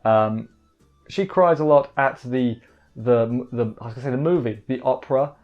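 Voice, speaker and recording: An anime reviewer, male, talks through an episode in a loose, meandering way, dry-humored and stuffed with fillers and restarts. He speaks at medium pitch and normal speed, recorded on a dull lo-fi mic with faint music.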